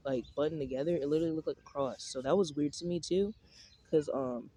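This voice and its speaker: A man's voice: on the high side, quick pace, warm tone, a little hiss or hum. A young man rambling casually outdoors in a park, full of slang, swearing and filler words. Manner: rambling, profane slang-heavy talk with many fillers. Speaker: vlogger.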